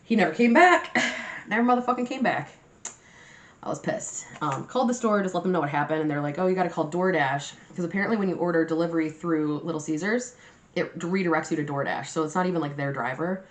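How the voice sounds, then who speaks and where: Chatty young woman with a low voice. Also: quick pace. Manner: chatty and animated, swears freely, laughs often. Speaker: mukbang vlogger. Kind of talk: casual storytime chat to camera. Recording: roomy echoey room.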